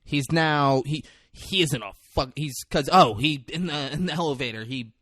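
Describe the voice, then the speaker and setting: A man on a podcast casually recapping a movie plot, jumping into loud, high voices when he quotes the characters. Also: moderate pace, dry recording, studio quality. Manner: animated retelling, acting out characters in quotes. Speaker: podcast co-host.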